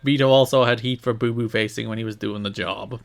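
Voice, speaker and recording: A man's voice: lowish voice, fairly even intonation, brisk, creaky. A man co-hosting a podcast, recapping in casual chat with a jokey manner, laughing often and wandering into rambling asides. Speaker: podcast co-host.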